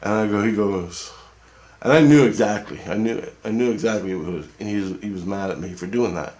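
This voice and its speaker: Man, rambling casual monologue; profane, repetitive, slightly low pitch. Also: fairly quick, a little mellow. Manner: profane, repetitive, keeps asking "okay?". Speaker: vlogger recounting a dream.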